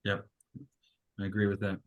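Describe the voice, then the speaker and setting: A man's voice: on the low side, monotone, moderate pace. A man leading an inspirational discussion, telling stories in a reflective, hesitant way with many fillers. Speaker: discussion leader. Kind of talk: inspirational talk with storytelling.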